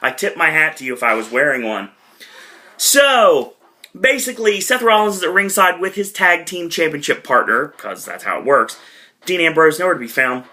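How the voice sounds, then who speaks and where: A man's voice: a little high, animated, moderate pace, sharp tone. A man giving a casual, chatty recap monologue as a podcast reviewer, with frequent asides to his viewers.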